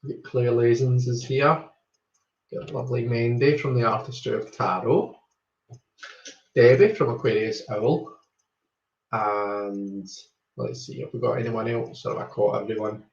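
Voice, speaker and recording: A man's voice: mid-range voice, fairly even intonation, a little slow, vocal fry, pauses often. A Scottish man chats casually on a live stream, greeting viewers by name and wandering off track with plenty of ums. The sound is roomy and echoey, and slightly dull and lo-fi. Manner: chatty, greets viewers one by one, rambles with many ums. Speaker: tarot reader hosting a live stream.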